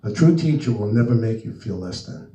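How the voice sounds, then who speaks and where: A man's voice: fairly low pitch, expressive, fairly quick, mellow. A man from New Jersey giving an informal spiritual talk to a live audience, rambling and acting out bits of dialogue as he tells stories. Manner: storytelling, rambling, acts out dialogue. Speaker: speaker presenting his book. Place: meeting room with audience. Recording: roomy echo, mic at a distance.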